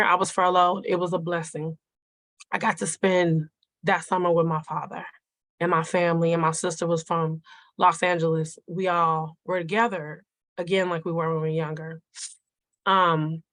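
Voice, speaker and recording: A middle-aged woman with a fairly low voice tells a personal story to a group. She talks in an earnest, conversational way and speaks straight to her listeners. The sound is dry and close. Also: fairly bright tone, no echo. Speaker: nurse sharing a personal grief story at a forum.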